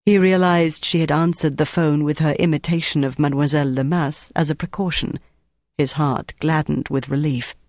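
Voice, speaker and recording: A narrator reading a novel in steady, scripted storytelling. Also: mid-range voice, moderate pace, no echo, clean studio sound. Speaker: audiobook narrator.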